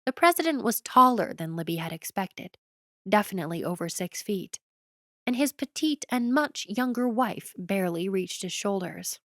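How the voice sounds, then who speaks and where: A woman narrating a romance audiobook in an even storytelling delivery, recorded close to the mic. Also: medium pitch, normal speed, dry recording.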